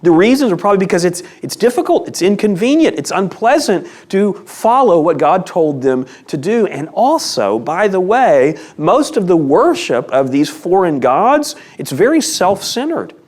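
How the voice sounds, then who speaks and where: Male Bible teacher, slightly high voice, animated and emphatic delivery, casual teaching tone. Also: normal speed, hardly any pauses. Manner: conversational, emphatic, asks rhetorical questions.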